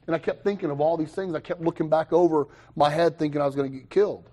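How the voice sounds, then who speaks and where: A young man telling his own recovery story to a meeting, animated, with quick asides and self-mocking humor. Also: a little high. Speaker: recovery speaker.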